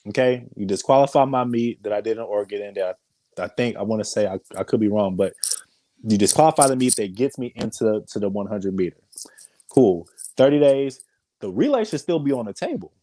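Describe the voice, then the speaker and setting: A man co-hosting a podcast in casual chat, animated and slangy, with lots of hesitant restarts. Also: mid-range voice, quick pace, dry recording, rough recording. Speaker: podcast co-host.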